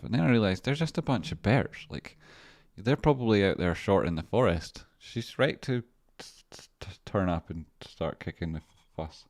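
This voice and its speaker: A man's voice: deep voice, very animated, fairly quick, a little mellow, no echo, clean studio sound. A man hosting a trading livestream, talking casually through charts in a rambling, profane way with chatty asides to viewers. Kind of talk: casual live-stream chart commentary.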